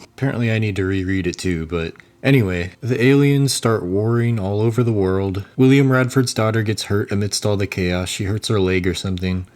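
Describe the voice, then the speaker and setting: A man's voice: lowish voice, a little mellow. A young man giving casual, mocking commentary as a video creator, rambling loosely and chuckling often. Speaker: YouTuber reviewing a movie while sculpting.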